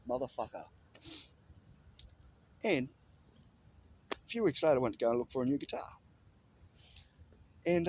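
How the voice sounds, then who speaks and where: A man in casual motivational storytelling, animated and freely swearing. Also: fairly high pitch, lo-fi sound, slight background noise.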